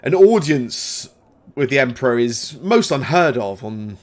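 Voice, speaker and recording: Guy doing a slick older court advisor, formal and fake-friendly, bit higher pitched. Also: sing-song, unhurried. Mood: falsely welcoming. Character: aging silver-haired male royal advisor, smooth and falsely welcoming.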